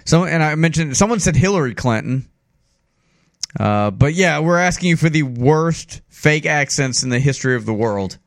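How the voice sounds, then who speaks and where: A man's voice: on the high side, expressive, moderate pace, no echo, clean studio sound. A man hosting a casual sports talk radio show, chatty with frequent restarts. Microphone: studio mic.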